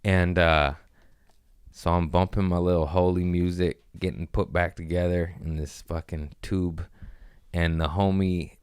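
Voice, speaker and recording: A man's voice: deep voice, fairly even intonation, unhurried, clear, resonant tone, no echo. A man hosting a comedy podcast, telling stories in a laid-back, slangy, profane way close to the mic. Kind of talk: casual storytelling chat.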